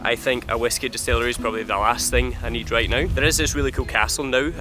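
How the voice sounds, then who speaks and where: A man's voice: mid-range voice, steady tone, quick pace, over music. Stuffy-nosed man chatting in a vlog. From Scotland. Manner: chatty, joking, easily startled into loud yelps. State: stuffy with a cold. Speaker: vlogger. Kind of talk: casual vlog chat. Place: motorhome and outdoors in windy highlands.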